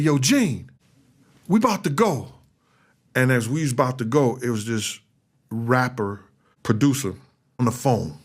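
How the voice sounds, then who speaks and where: A former bodyguard telling a story in an interview, animated and acting out what others said. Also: male voice. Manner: animated, acts out other people's lines with big jumps in pitch. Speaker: former bodyguard recounting events.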